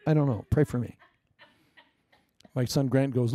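A middle-aged man preaching a sermon as pastor, joking, with loud declarations and quiet asides. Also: medium pitch, moderate pace, vocal fry, no echo, studio quality. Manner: lively, joking, swings between loud proclamations and quiet asides.

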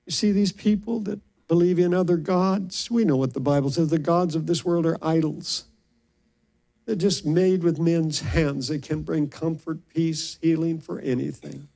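A man's voice: a little high, fairly even intonation, normal speed, gravelly, warm tone. An older man, a pastor, telling stories in an earnest, emotional sermon and often restarting his sentences. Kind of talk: sermon storytelling.

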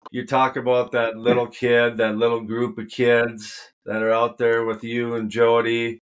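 Male podcast host, slow, easygoing interviewer. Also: medium pitch, slight background noise. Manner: relaxed, asks open questions.

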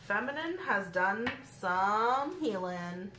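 A woman's voice: fairly low pitch, animated, moderate pace, bright, forceful tone. A woman giving a casual tarot reading in a chatty way, talking straight to her viewers and breaking into laughter. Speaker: tarot card reader. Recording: echoey room with clear background noise.

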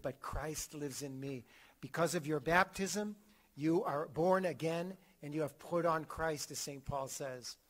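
Lively man teaching a theology class. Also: on the high side. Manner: animated, acts out quotes, repeats and restarts words. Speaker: catechism teacher.

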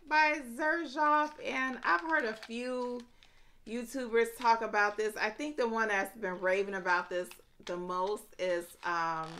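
A woman vlogging a casual fragrance review late at night, gushing with drawn-out exclamations and chatting to viewers as y'all. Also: mid-range voice, a bit bright.

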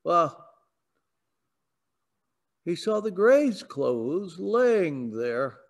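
Slow-speaking man preaching a sermon. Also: sits high, very animated, creaky. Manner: storytelling, rising to emphatic declarations. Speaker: pastor. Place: church sanctuary.

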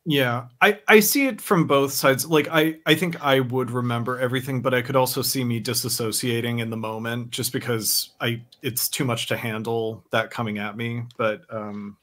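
A man's voice: medium pitch, fairly even intonation, moderate pace, few pauses, a bit bright. A man musing hesitantly as a guest in a casual podcast chat.

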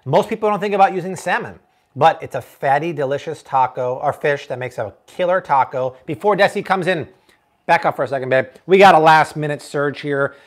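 A man hosting a casual cooking livestream from a home kitchen, upbeat and quick to laugh, reading out donations. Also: on the high side. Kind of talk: casual live cooking chat.

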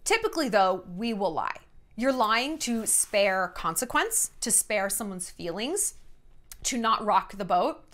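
A woman in her thirties vlogs to camera in a casual storytelling monologue, her mid-range voice unhurried. She's chatty and sarcastic, animatedly acting out other people's quotes as she tells her stories.

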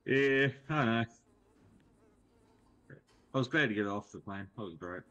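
A man voicing a deadpan traveler in a roleplay game, speaking in slow, flat, laconic lines. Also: on the low side, lo-fi sound. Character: deadpan male islander traveler. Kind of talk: in-character roleplay chat.

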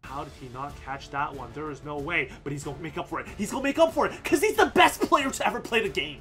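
A man giving casual commentary over his football video game, excitable, swinging from low muttering to yelling at the game. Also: quick pace, hardly any pauses, soft background music. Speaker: gameplay commentator.

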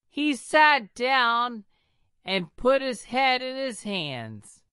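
A woman narrates a story very slowly and deliberately, pronouncing each word with care. Her voice is bright and smooth, with a lively rise and fall, recorded close in a dry space. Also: fairly high pitch, no echo. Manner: slow, deliberate, careful reading. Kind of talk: scripted narration of a graded reader.

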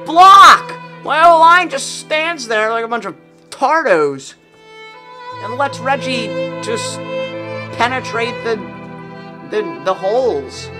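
A man giving profane let's-play commentary, reacting loudly to gameplay. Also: very high-pitched, big pitch swings, slow pace. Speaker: gaming YouTuber. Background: music playing.

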